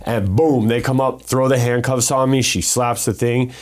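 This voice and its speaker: A young man from Colorado telling wild stories in a casual interview, slangy and animated, acting out the voices he quotes. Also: medium pitch, moderate pace, few pauses. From Colorado, USA. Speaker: podcast guest, former fighter.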